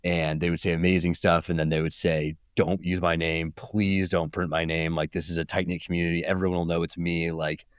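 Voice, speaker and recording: A man's voice: low-pitched, little pitch movement, a little fast, hardly any pauses, smooth, no echo, clean studio sound. A male journalist from California with a Californian accent, rambling as a guest and acting out people he met. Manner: rambling, acts out quoted people. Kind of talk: casual interview talk.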